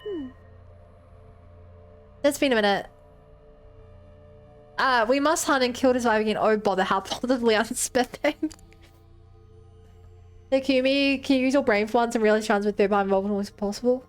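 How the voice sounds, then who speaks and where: High-voiced, rambling woman streamer, with soft music underneath. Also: normal speed, pauses often. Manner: chatty, rambling, laughs easily. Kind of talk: casual live-stream commentary.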